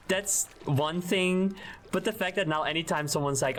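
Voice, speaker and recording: A man with a fairly high voice chats through a gaming stream, rambling and tripping over his own sentences. He giggles often and talks in a loose, easygoing way. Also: moderate pace, fairly bright tone. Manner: rambling, self-interrupting, giggly. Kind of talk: casual gaming stream chat.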